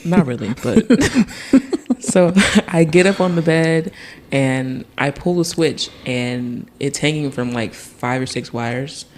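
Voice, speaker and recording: A young man from Tennessee, a podcast guest, telling a childhood story in a casual, animated way, laughing and acting out other people's voices. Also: medium pitch, slow pace.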